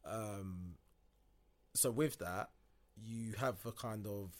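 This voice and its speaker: Casting: low-voiced british guy in loose podcast chat, lots of ums, acts out quotes. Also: slow pace. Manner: relaxed, lots of fillers, acts out quoted exchanges. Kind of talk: casual discussion.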